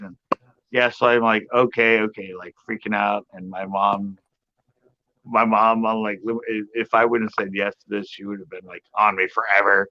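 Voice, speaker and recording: A man's voice: fairly low pitch, moderate pace, no room sound. Rambling middle-aged man telling a story. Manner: rambling, animated retelling with quoted voices. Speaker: podcast panelist. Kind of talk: casual storytelling. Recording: muffled lo-fi audio with background noise.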